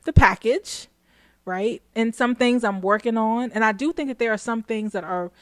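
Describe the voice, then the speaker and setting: A woman's voice: a little high, moderate pace, a bit bright, dry recording, studio quality. A woman co-hosting a casual talk show, reflective and laughing often, restarting her sentences as she thinks. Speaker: podcast co-host. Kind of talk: casual chat.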